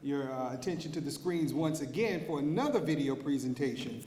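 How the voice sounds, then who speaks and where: A man's voice: on the high side, expressive, a little fast, a little mellow. A man as emcee, formally introducing the next tribute at a ceremony, stumbling a little over his words. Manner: formal announcing with a few stumbles. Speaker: emcee of the event. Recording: echoey hall with long reverb.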